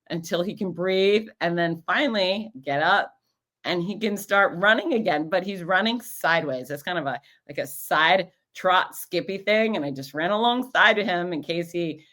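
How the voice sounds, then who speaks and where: A woman hosting a show, telling stories in a casual, animated way and acting out the voices of the people in them. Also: fairly low pitch, moderate pace. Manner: animated, acts out quoted voices. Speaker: podcast host and race announcer. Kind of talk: casual storytelling recap.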